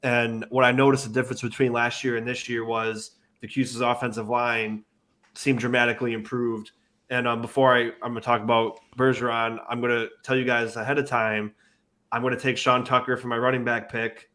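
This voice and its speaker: A man chatting on a sports podcast panel in a casual, rambling way. His pitch stays flat and even, and he often doubles back to repeat himself. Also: fairly quick.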